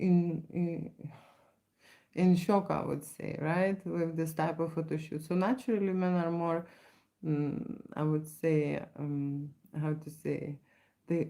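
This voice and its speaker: A woman's voice: low-pitched, gravelly, dark tone. A woman from Lithuania with a Lithuanian accent, hosting a casual live-stream Q&A as a photographer, rambling and restarting with frequent "right?" tags. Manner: rambling, many restarts and tag questions.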